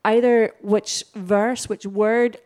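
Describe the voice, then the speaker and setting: Woman, group prayer leader, mellow warm tone, gentle and affirming. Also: mid-range voice, little pitch movement, slow. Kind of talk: guiding a group reflection.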